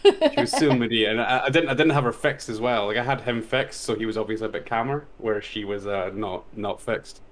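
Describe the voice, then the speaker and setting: A man in a relaxed conversation who rambles through a story with restarts and casual swearing. He laughs easily at his own anecdotes, his voice sitting at an ordinary middle pitch. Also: fairly quick. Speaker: podcast host. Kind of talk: casual chat.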